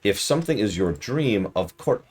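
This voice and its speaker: A man's voice: fairly low pitch, big pitch swings, normal speed, darkish tone, husky. A man streaming a game review in casual commentary, easily exasperated and ranting at the game while chatting with viewers.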